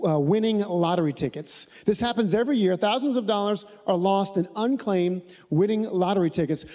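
A pastor delivering a sermon with a high-pitched man's voice. He talks in a relaxed, conversational way, adds humor, and invites the congregation to answer back.

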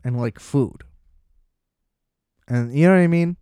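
A man's voice: medium pitch, a little slow, warm tone, clear, resonant tone, dry recording. A young man in casual chat, ranting with profanity and sarcasm and mocking other people in put-on voices.

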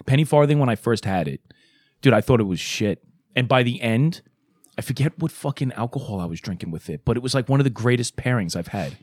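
A man's voice: mid-range voice, animated, fairly quick, a little mellow, husky, no echo, studio quality. A man co-hosting a podcast in casual, rambling, profane chat, sarcastic and loose. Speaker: podcast co-host.

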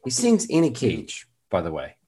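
A man's voice: huge pitch swings, normal speed, crowd noise. A man co-hosting a podcast, joking casually and breaking into silly voices. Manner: jokey, bursts into squeaky put-on voices. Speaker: podcast co-host. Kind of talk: casual chat.

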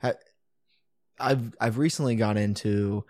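A man's voice: lowish voice, fairly even intonation, a little slow, darkish tone. A young man co-hosting a podcast, chatty and enthusiastic, swearing freely. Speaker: podcast co-host. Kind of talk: casual podcast banter.

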